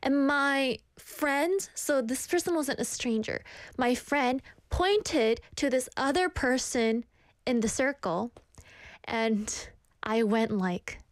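A young woman hosts a casual stream, chatting with viewers, reading their comments out loud and telling self-deprecating stories with animated voices for the people she quotes. Her voice is high and slow, in clean studio sound with no echo.

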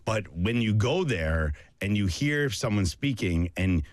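Man, co-host, low voice, animated storyteller, dry studio sound. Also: measured pace, dry recording. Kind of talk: casual chat. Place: studio table.

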